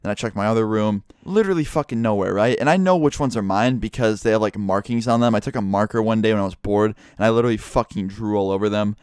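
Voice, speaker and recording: Young male YouTuber, casual storytime delivery, heavy swearing, mid-pitched voice, dry close sound. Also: fast, few pauses, clean tone, no room sound. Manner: profane, animated storytelling with acted quotes.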